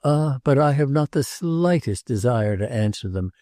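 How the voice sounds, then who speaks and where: A man's voice: mid-range voice, animated, moderate pace, warm tone, dry recording, pitched above the performer's own voice, natural voice. A man voicing an elderly woman, tired and blunt, in an audiobook reading. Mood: weary. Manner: dry, tired, refusing.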